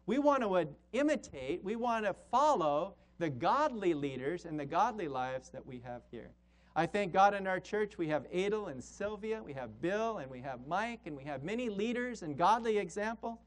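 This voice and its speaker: A man preaching a sermon as pastor, emphatic, slowing on key words and dropping low and quiet to drive points home. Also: lively intonation.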